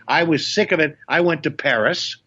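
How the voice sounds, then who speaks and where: An older man, a comedian guest, telling stories in an animated way and slipping into impressions in casual chat. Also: fairly high pitch, moderate pace, husky. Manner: animated storyteller, slips in impressions. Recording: muffled lo-fi sound.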